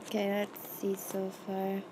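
A woman's voice: mid-range voice, monotone, unhurried. A young woman chatting casually on a live stream while she animates, rambling and self-deprecating. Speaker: animator streaming her work. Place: home, seated at a computer. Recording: noisy home live-stream audio.

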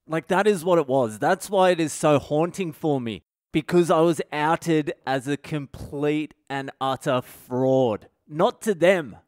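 A man's voice: a little high, measured pace, darkish tone, no room sound, studio quality. A man, a comedian and podcast host, telling a self-deprecating story with lots of swearing. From Australia.

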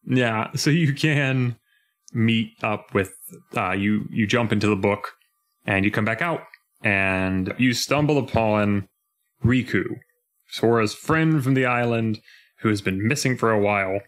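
Lowish young man chatting on a podcast. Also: measured pace. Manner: animated, breaks into mock voices when retelling scenes. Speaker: podcast co-host. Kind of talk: casual chat.

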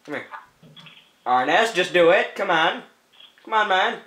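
A high-voiced man narrates a gaming session in a slow, unhurried way, his tone bright and sharp. He teases his fellow players, laughs often and repeats goofy calls. The voice rings in a roomy, echoey space. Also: lively intonation. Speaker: gameplay commentator. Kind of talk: playful let's-play commentary.

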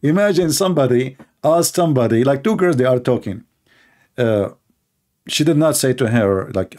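A man's voice: medium pitch, lively intonation, normal speed, a little mellow. A man giving polemical commentary in a sarcastic, emphatic and mocking way. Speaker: religious debater.

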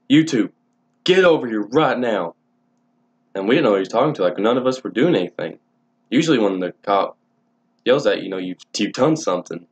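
A young man telling stories casually to camera, rambling and swearing freely with many restarts. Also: deep voice. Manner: rambling, profane, frequent restarts. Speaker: vlogger.

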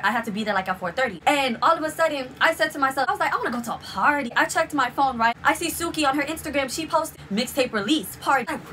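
Excitable fast-talking young woman. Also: high-pitched, a little hiss or hum. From South Florida. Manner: excitable, slangy, gushing storytelling. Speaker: vlogger. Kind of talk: storytime vlog.

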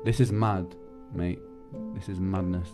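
A man's voice: sits low, steady tone, a little slow, over music. Tearful young man chatting on stream. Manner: emotional, swears, repeats words, says mate and bro. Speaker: musician streaming live to fans. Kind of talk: casual live-stream chat.

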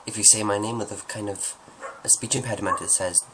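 A man's voice: fairly low pitch, steady tone, fast, noisy background. A man answering viewer questions at home in a rambling, joking, self-deprecating way. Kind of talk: casual Q&A monologue.

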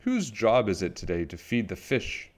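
A man's voice: fairly low pitch, sing-song, normal speed. A man voicing a kind, patient woman schoolteacher in a storybook read-aloud. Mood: kindly. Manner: patient, friendly, instructive.

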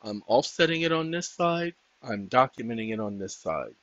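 A man hosting his own channel, talking viewers through a casual tutorial in a folksy, preachy way, often calling them ladies and gentlemen. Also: mid-range voice, expressive, normal speed, no echo. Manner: breaks off to talk to his dogs. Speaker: channel host. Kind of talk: casual screen-share tutorial. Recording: dull dry lo-fi sound.

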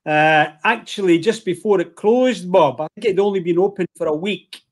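A man's voice: high voice, moderate pace. A Scottish man with a Glasgow accent, hosting an online whisky tasting in a chatty, joking way. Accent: Glaswegian. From Scotland. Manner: chatty, jokey, addresses the audience as folks. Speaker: host.

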